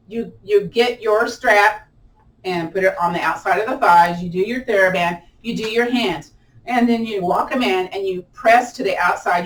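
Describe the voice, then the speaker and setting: A woman leading a live online chair yoga class, chatty and encouraging, with a lilt and playful whoops during the holds. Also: medium pitch. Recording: roomy echo, mic at a distance.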